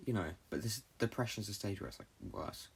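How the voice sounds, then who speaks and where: A young man from Britain hosting a solo podcast, talking in a halting, low-key, confessional way and swearing often. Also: animated, creaky, breathy edge. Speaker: podcast host. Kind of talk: rambling solo podcast monologue.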